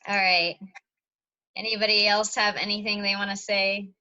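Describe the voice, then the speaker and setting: Casting: cheerful woman teacher, bright tone, hosting over a video call. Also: medium pitch, flat delivery, moderate pace, lo-fi sound. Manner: friendly, encouraging, light joking. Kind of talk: casual chat.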